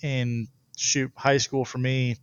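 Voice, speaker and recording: A young man, a baseball pitcher, telling stories in a casual interview and laughing often. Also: flat delivery, takes it slowly, clean tone, highs cut off.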